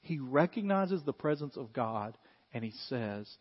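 A man, preaching a sermon in an animated way and acting out scenes. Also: mid-range voice, a little slow, husky. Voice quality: animated, acts out scenes with shouts. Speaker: pastor. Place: church hall. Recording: muffled sound in a long-reverb hall.

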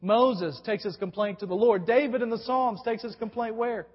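High-voiced male preacher in a reverberant hall. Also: steady tone, husky. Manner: asks rhetorical questions and answers them; drawn-out emphatic pauses. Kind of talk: sermon. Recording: dull sound with long hall reverb.

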